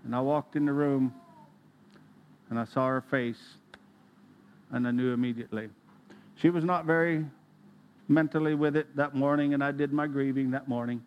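A middle-aged man preaching a sermon, telling a personal story in an earnest manner and often clearing his throat. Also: medium pitch, fairly even intonation, normal speed, pauses often, highs cut off.

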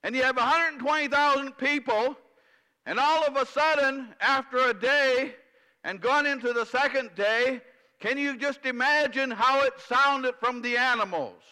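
High-voiced preacher in a reverberant hall. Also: male voice, unhurried, bright, forceful tone. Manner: questions the congregation, repeats phrases for emphasis. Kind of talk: sermon. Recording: long reverb from a large hall.

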